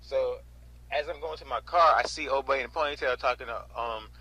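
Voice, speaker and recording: Husky-voiced young man telling a story. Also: mid-range voice, a little fast, poor audio. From North Carolina, USA. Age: 20s. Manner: animated retelling, mimics the auctioneer, keeps asking "right?" and "you know?". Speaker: storage auction reseller. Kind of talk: casual storytelling vlog.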